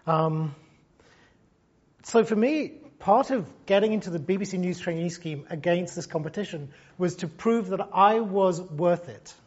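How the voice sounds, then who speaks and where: A man's voice: high-pitched, a little slow, a little mellow, breathy edge, lo-fi sound. A man in his fifties from Gibraltar giving a reflective, conversational university lecture. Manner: conversational and reflective, thinks aloud. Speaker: lecturer, former broadcast journalist.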